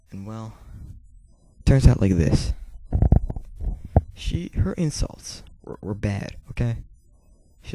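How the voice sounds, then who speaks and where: A teenage boy talks straight to camera in a rambling, casual way, full of fillers and swearing. His voice sits fairly low and has a gravelly edge. The tone is very dark, and his volume rises and falls throughout. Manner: volume swings between quiet and loud. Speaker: vlogger. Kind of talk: casual storytelling monologue.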